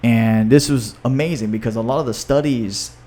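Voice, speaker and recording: A man's voice: medium pitch, moderate pace, warm tone. A man hosting a podcast in a casual, enthusiastic talk, often adding "you know" and "right?". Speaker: podcast host and author.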